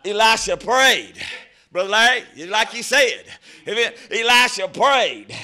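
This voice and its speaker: A man preaching a fervent sermon, breaking into shouted exclamations. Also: high voice, lively intonation, takes it slowly.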